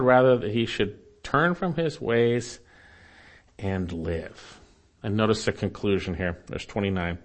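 A man at mid pitch delivers an expository sermon, pleading with the listener as a friend. He swings from emphatic, raised lines to hushed, low ones as he presses his point. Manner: earnest and exhortative, with wide swings between loud emphatic lines and soft low ones; addresses the listener directly as "my friend". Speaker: preacher.

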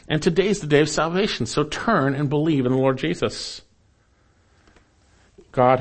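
A man at mid pitch delivers an expository sermon, pleading with the listener as a friend. He swings from emphatic, raised lines to hushed, low ones as he presses his point. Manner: earnest and exhortative, with wide swings between loud emphatic lines and soft low ones; addresses the listener directly as "my friend". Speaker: preacher.

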